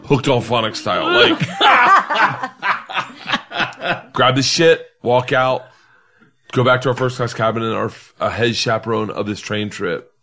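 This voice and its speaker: Rowdy storytelling man, wildly varied pitch. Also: sing-song, takes it slowly, long pauses, sharp tone. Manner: rowdy, laughing, acts out voices in his stories. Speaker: podcast host. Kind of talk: drunken storytelling among friends.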